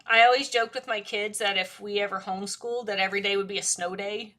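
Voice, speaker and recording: Bright-voiced woman chatting while crafting. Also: medium pitch, fairly even intonation, fast talker, hardly any pauses. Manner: rambling, self-talk while working, laughs often. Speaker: craft live-stream host. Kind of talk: chatty live crafting demo. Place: crafting desk.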